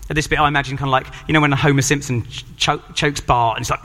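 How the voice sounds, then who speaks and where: Guy preaching a sermon, kinda high voice, acts out the bible voices, big echoey church hall. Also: fast, few pauses. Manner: animated, acts out quoted voices when reading scripture. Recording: long hall reverb.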